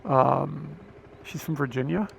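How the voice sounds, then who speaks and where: Casual American male streamer, thirties, easygoing rambling chat, gravelly edge, noisy car recording. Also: fairly high pitch, slow. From United States. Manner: rambling, laid-back, laughs often. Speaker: livestream host. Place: inside a moving car on a road.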